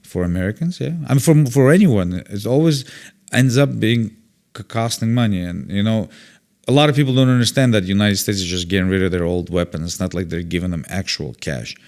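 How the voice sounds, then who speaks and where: A man's voice: lowish voice, fairly quick. A man, a comedian guest, telling stories in casual conversation, blunt and opinionated, acting out other people's lines and swearing freely. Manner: animated storyteller who acts out quoted voices and swears freely.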